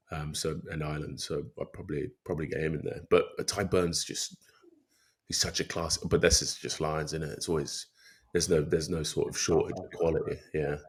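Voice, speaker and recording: A young man with a very deep, low voice talking rugby on a podcast. His manner is laid-back and easygoing, and he hedges his points with plenty of filler words. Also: husky. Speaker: rugby player and podcast regular. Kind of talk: casual rugby podcast chat.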